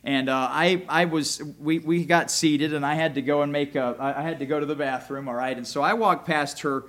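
A man preaching a sermon in a conversational way, often asking "all right?", moving between loud emphasis and quiet, close talk. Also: on the high side, steady tone, a little fast. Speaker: pastor.

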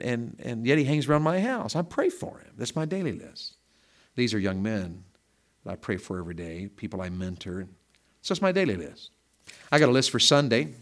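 A middle-aged man, preaching a sermon in a folksy, conversational way, with loud bursts of emphasis. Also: fairly low pitch.

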